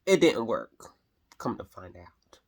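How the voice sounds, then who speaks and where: A woman vlogging casually to camera, chatty and expressive, often calling viewers honey. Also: rumbling low, slow pace, husky.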